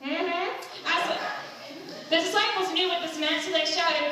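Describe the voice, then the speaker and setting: A woman's voice: very high-pitched, moderate pace. A woman narrating an audience-participation skit in a hall, directing volunteers between lines in a playful way. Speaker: skit leader. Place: large hall with a stage and aisles. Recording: echoey hall from far off, noisy.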